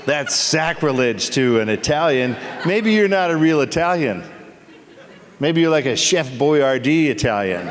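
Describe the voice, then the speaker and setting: A man's voice: a little high, lively intonation. Teasing man bantering with a crowd. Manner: teasing, playful, quick asides. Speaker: actor on a convention panel. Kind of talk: comedic Q&A banter with the audience. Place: convention hall. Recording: echoey convention hall.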